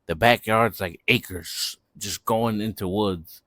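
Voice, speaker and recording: A man's voice: on the low side, slow pace, pushed and bright, dry recording, studio quality. A young man telling a party story in a laid-back, slangy way. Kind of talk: casual storytime vlog.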